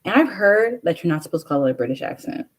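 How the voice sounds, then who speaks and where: A woman's voice: lowish voice, big pitch swings, fast talker, husky, rough recording. A young woman telling a rambling story in a casual vlog, with lots of fillers. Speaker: vlogger. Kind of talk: casual chat.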